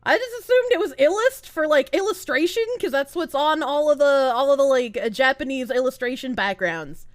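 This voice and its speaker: A woman's voice: high-pitched, expressive, normal speed, hardly any pauses, dry recording. A woman streamer chatting casually and rambling on a live stream, laughing often between lines.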